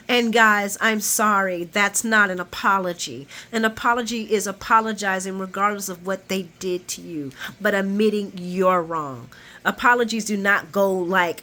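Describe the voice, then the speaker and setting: A woman host doing a casual, animated recap vlog of a soap opera. She curses freely, laughs often, and acts out the characters' lines as she retells scenes. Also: medium pitch, normal speed.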